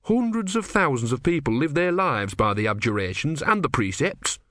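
Storybook role: an outraged pious young monk, voiced by a male narrator in a high, shrill, snarling voice. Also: wildly swooping pitch, normal speed, fairly bright tone, dry recording, studio quality, full character voice. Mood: indignant. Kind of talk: audiobook character voice.

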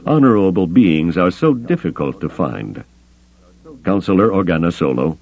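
A man's voice: sits low, big pitch swings, moderate pace, darkish tone. A man voicing a mercenary male smuggler captain who talks in a cool, curt, dry way.

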